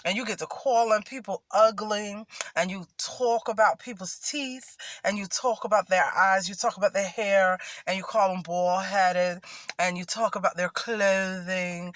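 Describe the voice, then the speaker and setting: A man's voice: high-pitched, steady tone, measured pace, a bit bright, a little hiss or hum. A man chatting to camera as a vlogger, sassy and chatty, calling himself by a nickname in the third person. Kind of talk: casual chat to camera. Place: at home in Florida.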